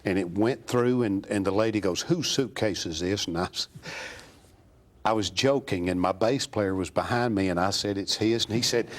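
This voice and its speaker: A man, a country singer guest telling an animated, folksy anecdote in a TV studio. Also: fairly low pitch, moderate pace. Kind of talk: casual storytelling.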